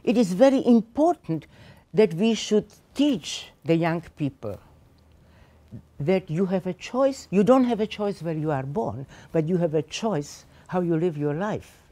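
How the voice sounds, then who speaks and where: A woman in her eighties gives personal testimony as a Holocaust survivor to teachers in a seminar room, full of emotion and emphasis. Her fairly low, mellow voice is animated yet keeps a measured pace.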